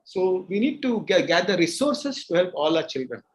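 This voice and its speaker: A man's voice: sits high, big pitch swings, moderate pace, rough recording. A middle-aged man with an Indian English accent, a doctor answering questions at a seminar, earnest and emphatic, often repeating words as he restarts. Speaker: doctor and guest speaker.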